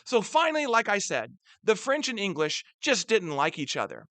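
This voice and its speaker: A lively male history teacher talking through a map lesson with a high, bright, very animated voice. He keeps checking in with his listeners and punches key words. The sound is dry and close. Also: moderate pace, no echo. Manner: chatty, asks rhetorical questions and checks in with "right?". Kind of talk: recorded lecture over a map.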